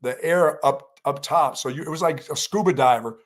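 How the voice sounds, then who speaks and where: A man's voice: on the high side, normal speed. An older man from North Carolina co-hosting a sports show, telling a long story in casual chat and raising his voice for the quoted lines.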